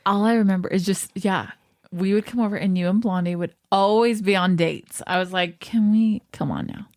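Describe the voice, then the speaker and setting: A young woman hosting a podcast, chatting casually and reminiscing with quick asides. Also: mid-range voice, fairly even intonation, darkish tone, dry recording, studio quality. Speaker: podcast host. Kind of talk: casual chat.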